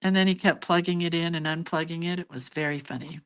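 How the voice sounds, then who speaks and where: A woman's voice: on the low side, fairly even intonation, fast, clear, resonant tone. An older woman hosting a casual live drawing lesson, chatting and laughing at her own mistakes as she goes. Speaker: hand-lettering and doodling teacher.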